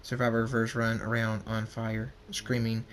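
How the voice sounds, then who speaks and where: A man reading his own fan story aloud, halting and restarting often. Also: fairly low pitch, completely flat delivery, slight background noise.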